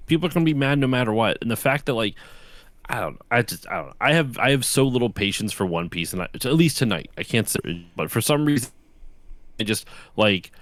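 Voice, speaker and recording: A man's voice: mid-range voice, animated, fairly quick, fairly bright tone, dry recording. A man co-hosting a livestreamed talk show, talking bluntly and with exasperation and swearing freely. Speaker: podcast co-host. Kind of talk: casual chat.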